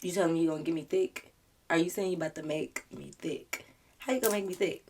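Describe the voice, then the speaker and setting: A young adult woman vlogger telling a storytime to her viewers in casual chat, animated and dramatic, laughing often. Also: lowish voice, quick pace, slight background noise. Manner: talks straight to her viewers.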